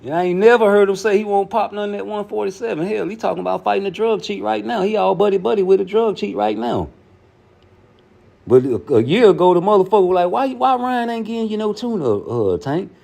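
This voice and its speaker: A man hosting a casual commentary show, talking in a profane, emphatic way that jumps high when he gets heated. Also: fast, vocal fry, warm tone. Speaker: show host.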